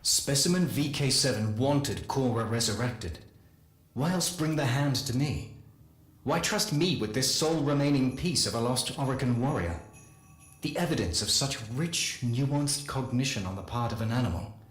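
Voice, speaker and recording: A man giving a dramatic first-person story reading, slow and measured with deliberate pauses. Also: mid-range voice, expressive. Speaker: lore reader. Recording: echoey room.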